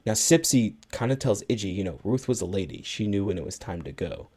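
Man, podcast co-host, fairly low voice, casual plot recap, acts out film lines. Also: sing-song, brisk, a little mellow. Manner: retells a film plot at length, acting out lines of dialogue. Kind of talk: casual movie recap chat.

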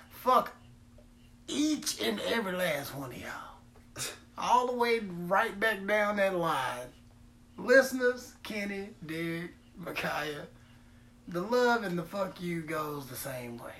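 A man's voice: high-pitched, bright, forceful tone. Laughing, profane male podcast host. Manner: profane, boisterous, laughs often. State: tired late at night. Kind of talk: casual comedic podcast chat.

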